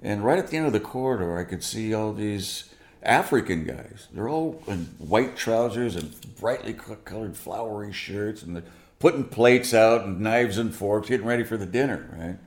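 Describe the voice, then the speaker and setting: A man with a gravelly, creaky voice, telling a story in an animated way and acting out what people said. He sounds like he is in a roomy space with some echo. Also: lowish voice, moderate pace. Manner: animated, acts out quoted dialogue. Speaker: guest musician. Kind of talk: storytelling interview.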